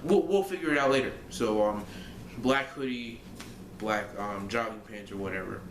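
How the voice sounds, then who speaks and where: A man's voice: on the low side, normal speed, slight background noise. A young man vlogging casually, rambling through a story with lots of fillers and restarts. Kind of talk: casual fantasy-booking monologue. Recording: echoey room.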